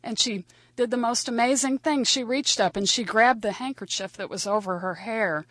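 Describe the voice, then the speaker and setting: A woman's voice: fairly high pitch, moderate pace, fairly bright tone, no room sound. Wry, conversational woman storyteller. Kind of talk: first-person spoken story.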